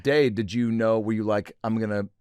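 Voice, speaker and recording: A man's voice: on the low side, steady tone, moderate pace, a little mellow, clean tone, no echo, studio quality. A man hosting a podcast interview, chatting casually, joking and laughing along with his guest. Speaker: podcast host.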